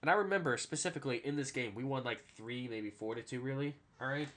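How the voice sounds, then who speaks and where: Rambling male podcast host, bright tone, loose and profane. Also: medium pitch, fast talker. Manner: rambling storyteller, keeps adding "all right?", swears freely. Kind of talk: casual sports podcast chat.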